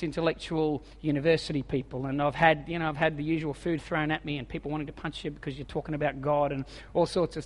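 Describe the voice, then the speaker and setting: A man's voice: a little high, big-room sound. An Australian man in his forties preaching a sermon as a humorous, self-mocking storyteller. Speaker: evangelist preacher.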